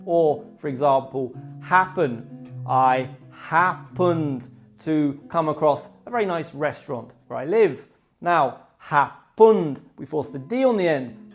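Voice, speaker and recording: An English teacher with a medium-pitched voice gives a pronunciation lesson, slowing down to demonstrate each word ending clearly.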